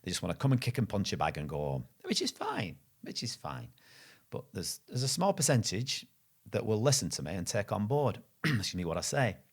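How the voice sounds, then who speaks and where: A middle-aged man talks quickly in a lowish voice, spinning an anecdote in relaxed conversation. He rambles and corrects himself as he goes, like a martial arts teacher chatting with a friend. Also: husky. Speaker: guest, Thai boxing instructor. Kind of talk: casual storytelling in conversation.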